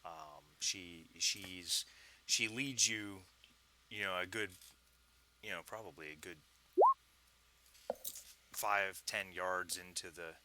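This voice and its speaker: A man running a tabletop game as game master, narrating with relaxed ums and chuckles. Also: low voice, slow, long pauses, noisy background.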